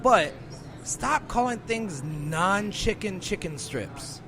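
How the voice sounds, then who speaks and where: A man co-hosting a radio show, ranting in an animated, exasperated way and laughing between complaints. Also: high-pitched, takes it slowly, crowd noise. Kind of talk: casual comedic rant.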